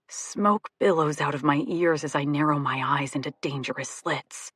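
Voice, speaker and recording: A woman reads a first-person romantic comedy audiobook with lively comic expression in the dialogue. Her voice is low and husky, and the recording is dry and close. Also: measured pace, few pauses, no echo. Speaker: audiobook narrator.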